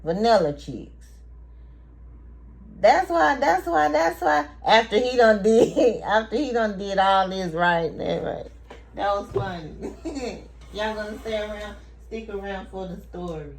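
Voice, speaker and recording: A woman speaks slowly and deliberately as she tells her viewers a story. Her voice sits at an ordinary middle pitch. She swears freely, laughs along, and acts out the quoted lines with punchy repeats. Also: a little mellow, a little hiss or hum. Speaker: vlogger.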